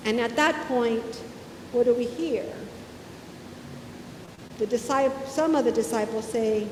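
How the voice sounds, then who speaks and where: A woman pastor preaches in a church, retelling a scripture story in plain conversational words and acting out the quoted lines. Her voice sits high and she takes her time. The sound carries a long church-hall reverb over a faint low rumble. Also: slow pace, long pauses. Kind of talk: sermon. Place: church sanctuary.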